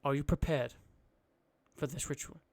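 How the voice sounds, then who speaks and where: A man voicing a calm old seer who speaks in a hushed way at a ritual. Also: a little high, moderate pace, lightly acted.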